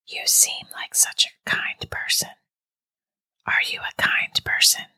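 A woman's voice: slow, dry recording. Eerie whispering phone voice, unvoiced whisper, lonely, coaxing, woman performing it, spooky story. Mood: pleading whisper. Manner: soft, pleading, quietly commanding.

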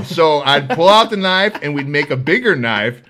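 A man hosting a podcast, telling comedic stories in a loud, profane, laughing way. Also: on the high side, animated, measured pace. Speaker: podcast host. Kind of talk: comedic storytelling.

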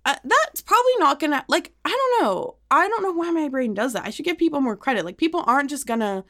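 Animated high-voiced woman telling stories. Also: fast talker. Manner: animated storyteller, laughs often, acts out quotes. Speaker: podcast co-host. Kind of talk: casual chat.

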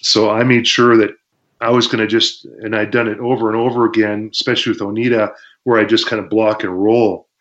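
A former pro wrestler telling war stories in an interview, acting out shouts and crowd noises and laughing between lines. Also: male voice, on the low side, fairly quick. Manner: animated storytelling, acts out shouts and crowd noises, laughs often. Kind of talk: storytelling interview. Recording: dull lo-fi sound.

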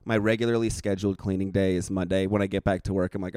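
A man's voice: deep voice, little pitch movement, fast talker, a little mellow, smooth, no room sound. A young man co-hosting a podcast, chatting casually, laughing, and slipping into silly voices when he tells stories. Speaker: podcast co-host. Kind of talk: casual chat.

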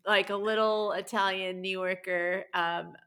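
A woman co-hosting a podcast, telling stories in an animated way and laughing as she chats. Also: mid-range voice, a little slow, clear, resonant tone. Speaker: podcast co-host. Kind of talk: casual chat.

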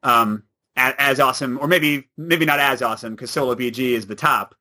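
Bright, chatty male podcast guest who is animated and laughs easily. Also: medium pitch, fairly quick. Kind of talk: casual chat.

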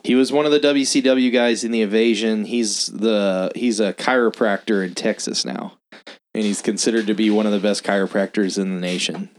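A man hosting a podcast, casually and profanely recapping a film's plot in an animated way. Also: on the low side, moderate pace. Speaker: podcast host. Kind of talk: casual film-review chat.

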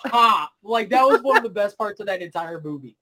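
Male co-host, high and very animated, casual reviewer who laughs and agrees a lot. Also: brisk, heavy background noise. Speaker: movie reviewer. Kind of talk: casual podcast chat.

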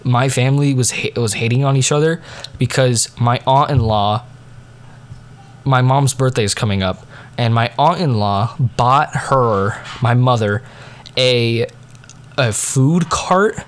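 A teenage boy, speaking as a diarist, tells family stories in a casual, rambling monologue full of fillers and digressions. His voice is medium-pitched and his pace measured.

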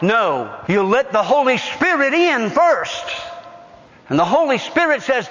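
A male pastor preaching a sermon emphatically, rising loud and dropping soft. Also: extremely high pitch, very animated, moderate pace, big-room sound, dull audio. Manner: emphatic, dynamic preaching with sudden loud rises and soft drops.

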